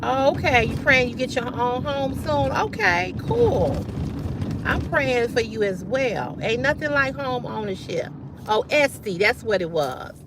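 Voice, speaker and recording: A woman's voice: high voice, expressive, a little slow, background noise. A woman hosting a casual livestream, talking bluntly and with profanity straight to her viewers in a style. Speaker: livestream host.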